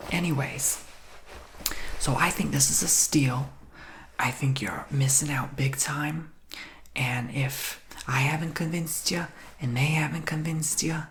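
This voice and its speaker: A man's voice: mid-range voice, fairly bright tone, slight background noise, lightly acted. A man whispering in a role-play as a brash, pushy saleswoman in disguise who calls the listener darling and honey.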